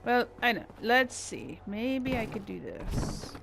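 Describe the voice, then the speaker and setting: A woman's voice: a little high, expressive, slow, vocal fry, noisy background. A woman giving casual gameplay commentary, muttering and thinking aloud to herself as she builds. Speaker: gameplay channel host.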